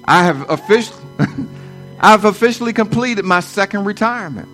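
Male preacher in his forties, high-pitched, emphatic repetition, light music underneath. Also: lively intonation, moderate pace, fairly bright tone. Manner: repeats lines for emphasis, rising to fervent proclaiming. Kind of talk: sermon.

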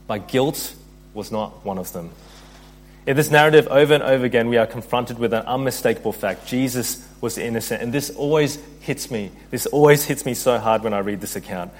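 A man preaching a sermon as pastor, earnest, reading scripture aloud and building in intensity. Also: mid-range voice.

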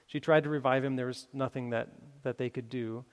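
A man's voice: mid-range voice, fairly even intonation, fairly quick. A man preaching a sermon, telling a story with many fillers and restarts before making his appeal. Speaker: pastor. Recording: long hall reverb.

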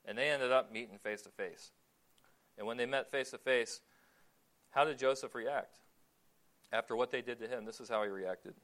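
A man preaching a sermon in a relaxed, conversational way, asking the listeners questions and pausing on fillers. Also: medium pitch.

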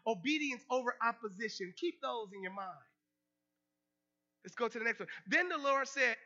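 A male preacher giving an animated sermon, calling out questions to the congregation and making playful asides. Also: sits high, normal speed. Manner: animated, call-and-response, joking asides. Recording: slightly muffled recording.

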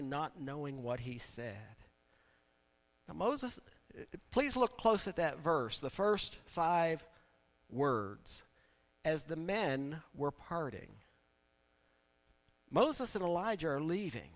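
Male pastor, sermon, somewhat high voice, conversational, swells to emphatic loud stretches. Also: very animated, takes it slowly, long pauses. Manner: conversational preaching that builds to emphatic raised peaks.

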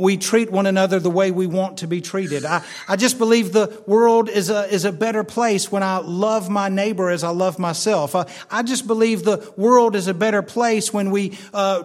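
A man preaching with an unusually high voice and an earnest, heartfelt delivery. He stammers and restarts often, repeating his points for emphasis. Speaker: pastor. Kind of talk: sermon.

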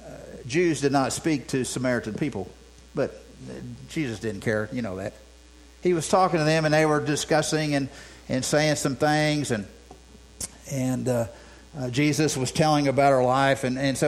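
A pastor preaches a sermon conversationally, with many restarts and rhetorical questions. His voice is mid-range at normal speed, and the poor audio carries a mains hum.

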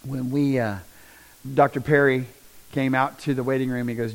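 A middle-aged man, telling a personal testimony in a folksy, animated storytelling way. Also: mid-range voice, moderate pace, low-quality recording. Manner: animated, down-home storyteller with rising bursts of emphasis. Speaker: speaker sharing a personal testimony.

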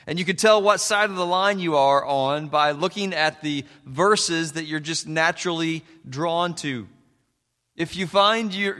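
A man's voice: fairly high pitch, sharp tone, big-room sound. A man preaching a folksy sermon as a pastor, telling stories with plenty of fillers. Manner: folksy storytelling with many fillers.

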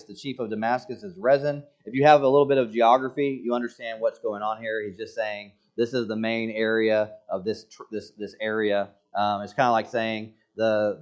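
A man's voice: lowish voice, lo-fi sound. A man preaching a sermon in a conversational, joking way, acting out quoted lines with emphasis. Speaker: pastor.

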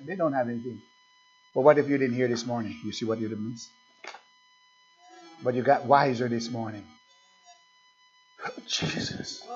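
A male pastor preaching a sermon in an animated way, firing rhetorical questions at the congregation. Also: on the high side. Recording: dull lo-fi recording with faint music.

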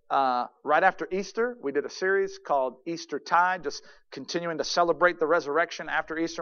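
Man preaching a sermon, dull lo-fi sound. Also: on the high side. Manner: emphatic preaching, swings from loud to murmuring. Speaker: pastor. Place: church sanctuary.

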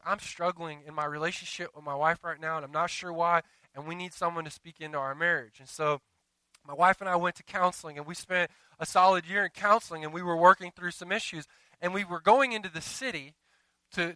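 A man's voice: sits high, sharp tone, clear, resonant tone, dry recording, rough recording. A middle-aged man, a pastor preaching a sermon, telling stories and turning to the congregation with asides.

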